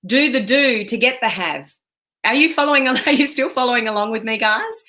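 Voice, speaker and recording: Australian woman, business coach, high-ish bright forceful voice, emphatic and chatty live-stream pep talk. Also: lively intonation, brisk.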